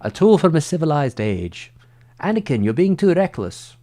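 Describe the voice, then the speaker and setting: A man's voice: medium pitch, animated, normal speed, natural voice. A man doing a mock impression of a poised male Jedi mentor from the films, with clipped, overdone delivery. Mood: solemn.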